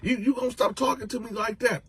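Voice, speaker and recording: A man's voice: extremely high pitch, fairly even intonation, fast talker, gravelly, a bit bright, slightly rough, dry recording, pitched above the performer's own voice, exaggerated voice. A man voicing a whiny, pleading young male prison inmate. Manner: whiny, complaining.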